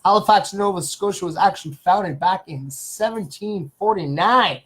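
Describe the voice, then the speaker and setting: A man's voice: high voice, moderate pace, fairly bright tone, slightly rough, poor audio. A man hosting a casual live stream, greeting viewers by name and rambling through facts with many fillers. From Canada. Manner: reads viewer names and greets them. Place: small home studio.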